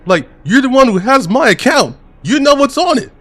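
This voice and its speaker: A man voicing a furious, foul-mouthed male bank customer who yells and swears indignantly. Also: on the high side, animated, unhurried, no room sound, soft background music, voice pushed up.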